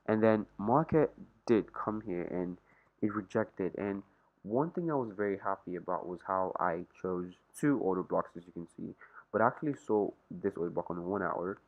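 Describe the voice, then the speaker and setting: Sharing his screen, a young man talks his way through a trading chart, loose and full of slang as he thinks out loud. He speaks at a moderate pace in a low voice, and the audio sounds like a phone.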